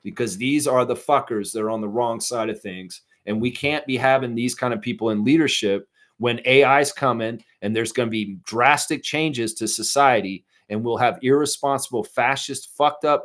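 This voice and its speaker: A man's voice: medium pitch, moderate pace, few pauses, fairly bright tone. A middle-aged man hosting a live fan stream, ranting profanely and reading out chat messages.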